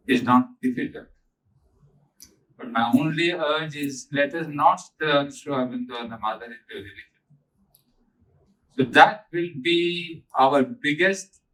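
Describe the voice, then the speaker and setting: A man's voice: on the high side, far from the mic, rough recording. An older man giving an earnest spiritual talk to a gathering, stressing points by repeating them. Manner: earnest, emphatic, repeats key phrases. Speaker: spiritual teacher.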